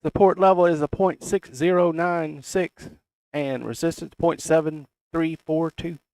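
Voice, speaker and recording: Folksy Southern man with a gravelly voice. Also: fairly high pitch, fairly even intonation, unhurried, a little mellow, no echo. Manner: folksy, reads price levels aloud. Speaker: crypto chart analyst. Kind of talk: casual chart commentary.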